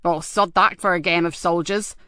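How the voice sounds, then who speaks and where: A woman narrator voicing a gruff, loyal male police superintendent who speaks bluntly and firmly. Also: fairly low pitch, fairly even intonation, moderate pace, pushed and bright, no echo, clean studio sound. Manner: blunt, firm.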